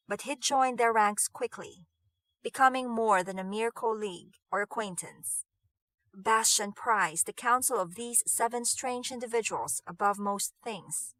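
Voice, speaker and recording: A woman narrating an audiobook in a measured, expressive way. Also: mid-range voice, dry recording. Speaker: audiobook reader.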